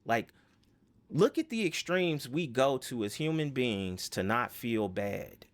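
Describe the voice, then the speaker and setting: A man's voice: mid-range voice, lively intonation, takes it slowly. A man giving a casual self-help lesson, rambling with fillers and rhetorical questions.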